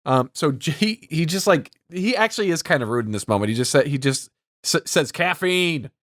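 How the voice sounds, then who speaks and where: A man's voice: on the high side, expressive, brisk, fairly bright tone, no echo, studio quality. A man co-hosting a podcast, giving a loose, profane summary of a film's plot. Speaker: podcast co-host. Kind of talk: casual movie recap chat.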